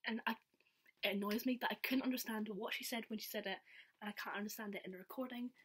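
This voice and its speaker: A woman's voice: mid-range voice, steady tone, fast, a little hiss or hum. Chatty young woman telling a story. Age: young adult. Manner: chatty, giggly, says "like" a lot. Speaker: vlogger. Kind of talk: casual storytelling.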